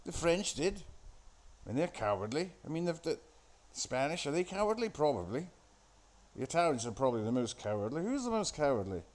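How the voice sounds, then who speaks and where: This man speaks fairly quickly, with a fairly high pitch and big swings in intonation. He rambles sardonically about the film in front of him, crude and profane throughout.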